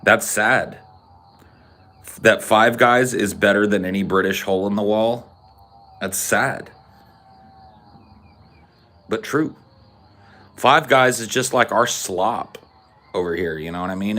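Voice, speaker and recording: Slow, low-voiced sarcastic man. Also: fairly bright tone. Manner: sarcastic, crude. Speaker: podcast host. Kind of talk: casual chat reading comments.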